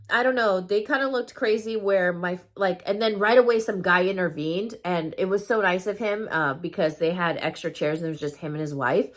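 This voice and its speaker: A woman vlogger telling a story time in casual chat, full of fillers and loose swearing. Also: mid-range voice.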